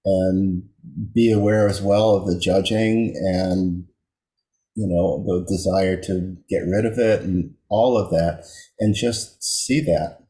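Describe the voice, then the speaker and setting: A man explaining meditation over a video call, calm and posing questions. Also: sits low, slow pace. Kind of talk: explaining in group discussion. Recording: echoey room on video call.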